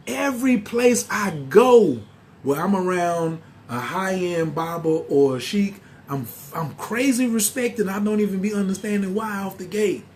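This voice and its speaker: A man, telling a story in a casual, animated way and acting out the quoted voices. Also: sits high, a little hiss or hum. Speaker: spiritual teacher.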